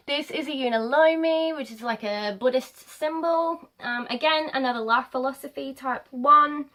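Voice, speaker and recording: Young woman vlogger, slightly high voice, chatty and rambling, filler-heavy, camera mic at home. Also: a bit bright. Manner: chatty, rambling, many ums. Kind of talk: casual talk to camera.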